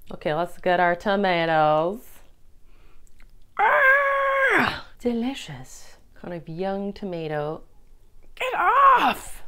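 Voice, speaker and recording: A woman's voice: medium pitch, clean tone. A woman making a salad on camera, gushing over the food, exclaiming and humming her approval as she works. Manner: murmurs and hums of approval. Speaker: cooking vlogger. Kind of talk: casual cooking demonstration.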